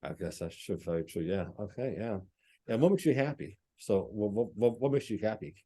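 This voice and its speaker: A man's voice: lowish voice, lively intonation, a little fast, warm tone. A male podcast host who stammers and repeats words as he asks questions. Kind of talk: casual interview.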